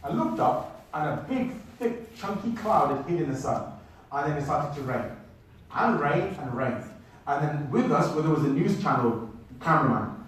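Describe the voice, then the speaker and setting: A man telling a travel story to an audience in an animated way, speaking to them directly. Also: on the high side, normal speed. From United Kingdom. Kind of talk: storytelling talk. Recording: echoey hall, mic at a distance.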